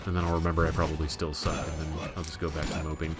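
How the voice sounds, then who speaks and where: A man's voice: very deep voice, monotone, fast, hardly any pauses, music in the background. A young American man giving rambling, self-deprecating gameplay commentary. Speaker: let's play gamer.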